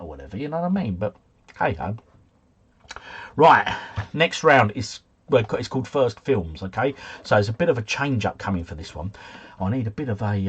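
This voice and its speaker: A man's voice: mid-range voice, breathy edge. A man hosting a casual live quiz stream, chatting and joking as he reads out answers and viewer scores. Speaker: quiz host.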